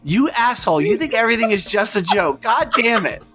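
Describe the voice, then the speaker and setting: A game master voicing a hot-headed young man, loud and exasperated with his sister. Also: mid-range voice, very animated, extremely slow, over music, voice pushed up. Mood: angry.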